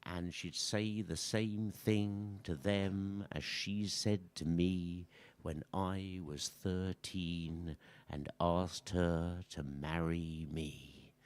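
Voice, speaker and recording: Unhurried older folk singer joking. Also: male voice, low-pitched, fairly even intonation, darkish tone. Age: 60s. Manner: rambling, self-mocking storyteller with dry jokes. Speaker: folk singer-songwriter introducing songs. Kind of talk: onstage banter between songs. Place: live music venue stage. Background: live audience and instruments.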